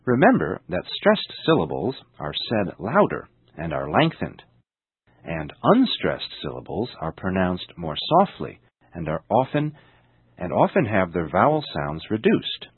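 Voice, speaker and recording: A man's voice: sits low, huge pitch swings, slightly rough, no echo. Man teaching English, wildly swooping stress. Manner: slow, deliberate, exaggerated stress on example words. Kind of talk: scripted language lesson. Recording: tinny narrow-band radio sound.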